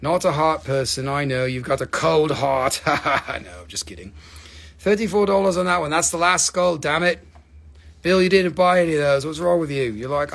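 A fairly high-voiced man runs a live crystal sale. He jokes and teases his viewers, swears casually, and rattles off prices between the gags. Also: expressive, a little fast, gravelly, fairly bright tone. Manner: joking, teasing, swears casually. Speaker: live-stream crystal seller. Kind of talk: joking live sales stream.

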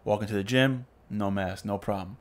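A man co-hosting a casual podcast, dropping quick jokes and laid-back comments. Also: fairly low pitch, steady tone. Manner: joking, quick quips. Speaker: podcast co-host. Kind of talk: casual chat.

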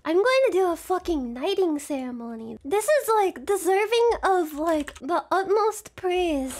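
Very high-voiced woman streamer. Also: measured pace, few pauses, music in the background. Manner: animated, shrieking and laughing, swears freely. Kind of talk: casual stream reaction.

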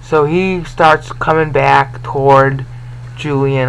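Slow, explanatory man teaching scripture. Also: on the high side, animated, a little hiss or hum, rough recording. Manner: explanatory, repeats and restarts words, asks listener questions. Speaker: Bible teacher. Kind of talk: informal Bible lesson.

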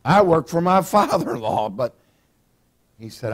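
A man's voice: fairly high pitch, wildly swooping pitch, a little slow, creaky. A middle-aged man preaching a folksy sermon as pastor, acting out what people say. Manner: folksy preaching, acts out quotes.

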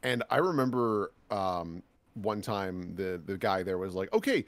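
A man's voice: low-pitched, measured pace. A man on a livestream, telling a rambling story full of "like" and laughing often. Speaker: stream guest. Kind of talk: casual storytelling chat.

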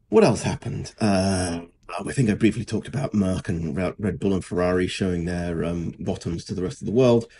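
A man's voice: sits low, warm tone, slight background noise. A man, co-hosting a podcast in casual, sarcastic chat. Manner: dry, sarcastic, mocking impressions. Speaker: podcast co-host.

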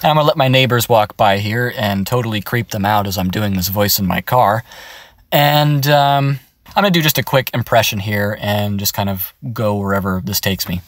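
A man's voice: on the low side, moderate pace, no echo. A man giving a casual, upbeat voice acting tutorial, explaining step by step from his car.

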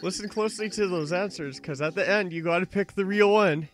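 A man's voice: high voice, brisk, soft background music, close to an everyday voice. A man reading the lines of a brash game-show host from a video game, in showy announcer patter.

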